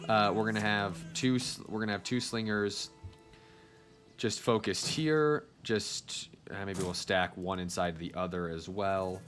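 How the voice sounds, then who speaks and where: A man's voice: on the low side, measured pace, fairly bright tone, faint music behind. A man giving casual gameplay commentary as a video host, chatting straight to his viewers.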